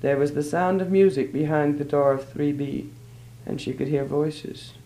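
A man narrates a short story in a measured, even way. His voice is gravelly and sits somewhat high for a man. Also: low-quality recording.

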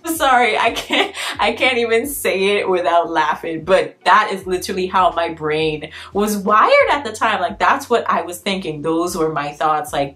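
A woman in her twenties with a Bahamian accent chats through a casual commentary vlog. Her voice sits a little low, and she keeps things animated, mimicking quotes in voices. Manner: chatty, animated, breaks into laughter and acts out quotes in voices. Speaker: vlogger.

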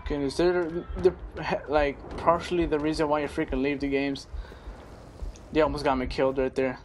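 A young man giving rambling, excitable live commentary while he plays a shooter game, swearing now and then. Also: mid-range voice, a little hiss or hum. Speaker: gaming channel host.

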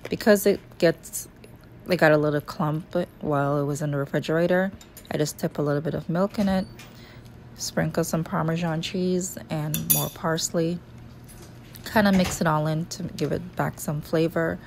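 A Jamaican woman in her thirties talks in a relaxed, chatty way, walking through her morning routine in a home kitchen. Her voice sits low and has a gravelly edge. A faint hiss of noise runs under the recording. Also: moderate pace. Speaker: vlogger. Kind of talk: casual vlog narration.

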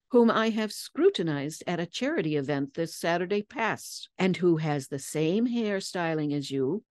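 A woman's voice: fairly low pitch, darkish tone, dry recording, clean studio sound. A woman voicing a clever young girl detective who explains her deductions precisely and wryly. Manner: crisp, precise, lecturing.

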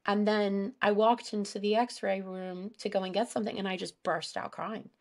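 A woman's voice: mid-range voice, fairly even intonation, normal speed. A woman, a guest animal behaviorist, talking candidly in a casual podcast conversation, telling stories with lots of fillers. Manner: candid, storytelling, many fillers.

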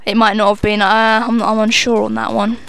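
A woman's voice: fairly high pitch, level tone, brisk, creaky, fairly bright tone, clear, resonant tone, no echo. A young woman giving live gameplay commentary, swearing freely and mocking herself as she plays. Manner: sweary, self-mocking running banter. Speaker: gamer commentator.

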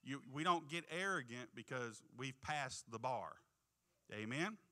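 Bright-voiced preacher man. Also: mid-range voice, lively intonation. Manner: reads scripture slowly and emphatically, calls out "Amen?". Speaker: pastor. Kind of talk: sermon with scripture reading. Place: church sanctuary.

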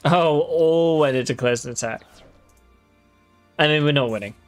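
Male gaming creator, casual and dry, swears easily, voice sits a bit high. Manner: wry, swears freely, talks to viewers. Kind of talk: casual gameplay commentary.

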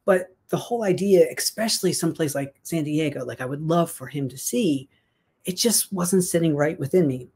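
A woman telling a personal story in a casual, chatty way, animated and full of fillers and restarts. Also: sits low, moderate pace, husky. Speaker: guest sharing a success story.

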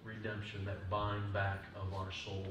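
A male pastor giving a sermon in a church, moving from quiet talk to loud preaching. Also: lowish voice, completely flat delivery, unhurried, noisy background. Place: church sanctuary. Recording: distant mic in echoey church hall.

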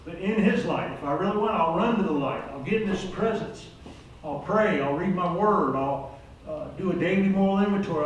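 Older guy preaching, plain talk, kinda high voice, echoey room, mic far off. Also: a little hiss or hum. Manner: earnest, plain-spoken, rises to urgent exhortation. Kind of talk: sermon.

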